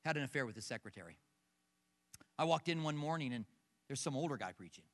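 A middle-aged male pastor with a mid-range voice talks fast as he preaches in a large church auditorium with balconies. An animated storyteller, he shares personal stories and quizzes the congregation. The recording is echoey, taken from a distance in the hall.

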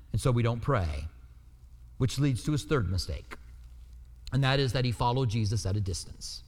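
Preaching man in a reverberant hall. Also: medium pitch. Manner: earnest preaching with restarts and rising emphasis. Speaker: pastor. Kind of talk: sermon.

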